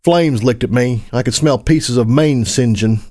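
A man reading a first-person story aloud as a narrator, gritty and expressive, with casual swearing. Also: medium pitch, unhurried. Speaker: audiobook narrator.

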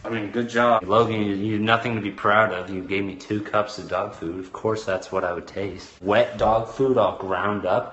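A man's voice: on the low side, steady tone, moderate pace, hardly any pauses, fairly bright tone, slightly rough. A young man vlogging outdoors in the woods, talking in a jokey, dramatic, complaining way. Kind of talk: casual vlog commentary.

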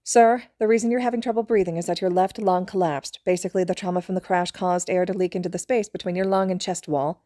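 A woman voicing a calm, authoritative female trauma doctor who gives brisk clinical orders and reassures patients. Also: on the low side, no echo, clean studio sound, natural voice. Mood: reassuring.

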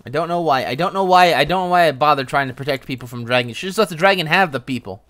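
A young man streaming a game, giving casual, joking commentary with excitable outbursts. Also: fairly high pitch, very fast.

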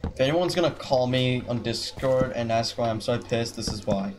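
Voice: medium pitch, moderate pace. A gamer doing let's-play commentary, swearing constantly and grumbling at the game's animals. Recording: noisy with keyboard clicks. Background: keyboard typing.

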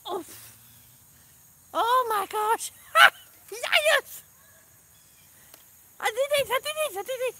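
A woman vlogging outdoors while flying a drone, out of breath and excited, laughing often. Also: very high voice, normal speed, long pauses. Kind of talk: casual live vlog.

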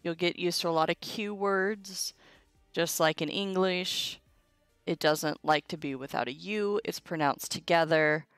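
A woman's voice: fairly low pitch, unhurried, a bit bright, dry recording, soft background music. A young woman teaching a casual livestream Latin lesson, chatty and informal, with asides to her chat. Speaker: Latin tutor streaming a live lesson.

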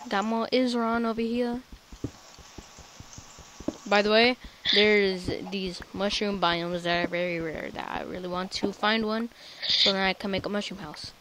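A woman casually chatting while playing a game, playful and excitable, guiding a new player. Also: medium pitch, unhurried, pauses often, noisy background. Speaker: gameplay host. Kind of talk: casual gaming chat.

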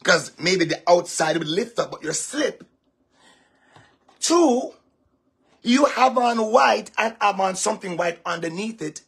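A male pastor preaches to his listeners in a lecturing, emphatic way and at times raises his voice to a shout. His voice sits high for a man and is deeply raspy and husky, with a gravelly fry running through it. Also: lively intonation, a little slow, pauses often. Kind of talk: preaching talk to a congregation.

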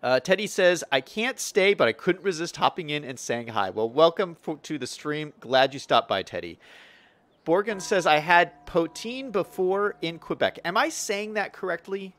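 Young man, game streamer, chatty, reads chat aloud, fairly high voice, very animated pitch. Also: moderate pace, dry recording. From Western United States. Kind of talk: casual live-stream chat, reading viewer comments.

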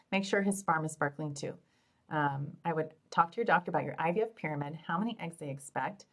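A middle-aged woman, a fertility doctor hosting a live Q&A, answering questions in an upbeat, joking, chatty way. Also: low-pitched. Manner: upbeat, chatty, joking, addresses listeners as "you guys". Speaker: fertility doctor and show host.

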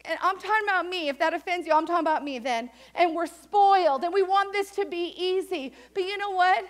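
A woman pastor preaching a lively sermon in church, reading scripture and acting out quoted voices. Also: very high voice, fairly quick. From United States. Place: church sanctuary.

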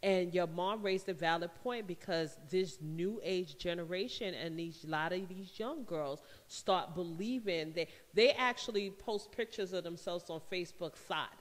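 A woman's voice: on the low side, a little slow, hardly any pauses, in a large hall. A woman hosting a call-in talk radio show, who talks emphatically, repeats her phrases and laughs easily.

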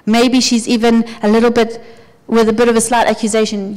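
A woman preaching a sermon in an earnest, conversational way, her voice often dropping soft. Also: a little high, flat delivery, fairly quick. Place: church hall. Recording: church hall with long reverb.

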